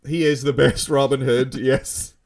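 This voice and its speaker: A man's voice: medium pitch, steady tone, measured pace, darkish tone. A man co-hosting a casual film podcast, giving frank, opinionated takes and swearing casually. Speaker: podcast co-host.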